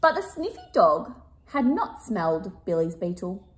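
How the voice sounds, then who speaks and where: A woman reading a picture book aloud to children, expressive and chatting to her young listeners in between. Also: mid-range voice, a little slow, a little hiss or hum.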